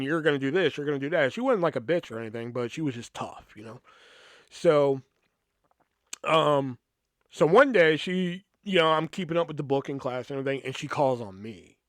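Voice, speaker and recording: A man's voice: on the high side, no room sound, studio quality. A man hosting a podcast, telling a story in a rambling, casual way with constant swearing and "you know" fillers, acting out the people he quotes. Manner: acts out quoted people in lively voices. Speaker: podcast host.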